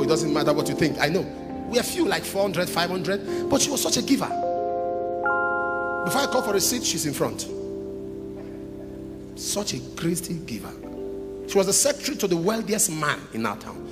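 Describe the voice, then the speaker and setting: A man preaching an animated, humorous storytelling sermon to a church congregation, now and then bursting into shouts. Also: a little high. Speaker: pastor. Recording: reverberant church hall with music. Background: instrumental music.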